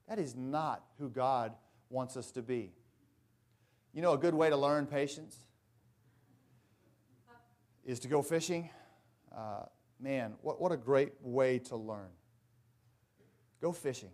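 Male pastor, sermon, emphatic with folksy touches, fairly high voice. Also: unhurried, pauses often, a little mellow. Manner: earnest, emphatic, folksy asides.

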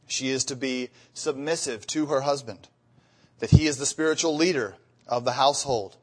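A man preaching a sermon, telling humorous marriage stories and then reading scripture with rising emphasis. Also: fairly high pitch. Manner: storytelling with acted-out marital dialogue. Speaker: pastor.

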